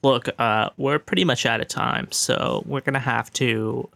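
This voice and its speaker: A man with a gravelly, bright edge to his voice, recorded dry and close. He talks politely and haltingly, filling gaps with ums and rephrasing himself. It's an improvised comedy scene. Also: medium pitch, steady tone, dry recording. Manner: polite and hesitant, full of ums and restatements. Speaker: improv scene partner playing an Earth negotiator.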